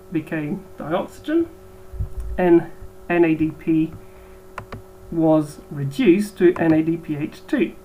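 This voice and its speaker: Woman teacher explaining biology, lowish voice, lots of ums, faint hum behind. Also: dark tone, poor audio. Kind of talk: recorded lecture.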